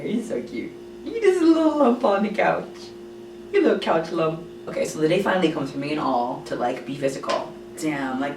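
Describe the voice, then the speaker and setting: A young woman vlogger telling a storytime in a casual, slangy, animated way, jumping high when she quotes herself. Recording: echoey room, distant mic, faint hiss.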